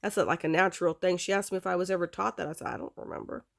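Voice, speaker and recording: Middle-aged woman with a creaky, gravelly voice recounting a personal family memory in loose, rambling speech. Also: on the low side, fairly even intonation, racing. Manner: rambling, repeats "I said" as she recounts dialogue. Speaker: adopted daughter telling her family history. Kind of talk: casual spoken family story.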